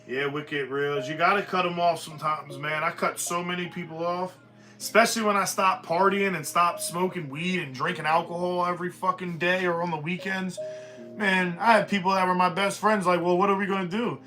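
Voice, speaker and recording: Dude on a live stream going off, swears a lot, rambles, sharp bright voice. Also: male voice, sits high, steady tone, normal speed, soft background music. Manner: profane, blunt, rambling. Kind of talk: casual live stream rant.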